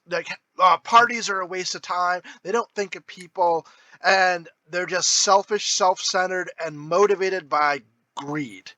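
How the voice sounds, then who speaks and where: A man co-hosting a comedy podcast, explaining a film's character arcs in an animated, profane way. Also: high voice, dry recording, poor audio. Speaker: podcast co-host. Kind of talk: comedic movie review chat.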